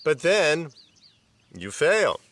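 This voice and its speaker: A man's voice: fairly high pitch, big pitch swings, extremely slow, fairly bright tone, no echo. A man teaching on yoga and self-improvement in a loose, conversational way, often saying "you know" and "like" and acting out the self-talk he describes. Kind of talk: casual self-help talk to camera.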